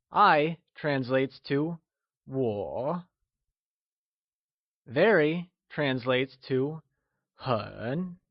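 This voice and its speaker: A man narrating a scripted language lesson, slow and encouraging, with deliberate explanations. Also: a little high, dry recording, highs cut off. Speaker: language teacher.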